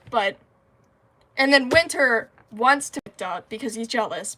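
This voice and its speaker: A woman's voice: fairly high pitch, pushed and bright. A woman chatting casually on a livestream, rambling and giggling, talkative and a bit nervous.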